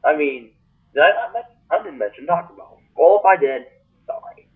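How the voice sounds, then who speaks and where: A man's voice: on the high side, very animated, brisk. A man vlogging to his webcam in a rambling, jokey monologue that is full of restarts. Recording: distant tinny webcam mic.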